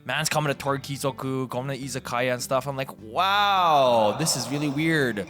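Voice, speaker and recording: A young man hosting a podcast, telling stories in a casual, animated way and acting out what other people said. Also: medium pitch, normal speed. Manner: animated, acts out voices in quotes. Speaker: podcast host. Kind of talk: casual storytelling.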